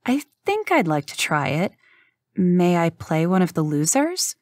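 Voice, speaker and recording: A woman voicing a young female chess hustler who feigns being a naive, bubbly beginner in a high, breezy way. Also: very animated, measured pace, a little mellow, no room sound. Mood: coy. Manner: high, breezy, faux-innocent.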